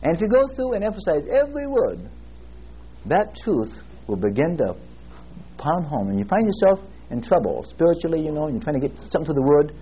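A male pastor preaching a sermon in a folksy storytelling way, slowing down to stress scripture word by word. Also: on the high side, sing-song. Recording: muffled lo-fi recording with faint hiss.

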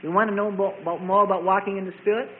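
High-voiced preacher guy, really animated delivery, sounds like it's over a phone line. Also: very fast, a little hiss or hum. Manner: emphatic, repeats and contrasts key phrases. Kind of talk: sermon. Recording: tinny phone-like sermon recording.

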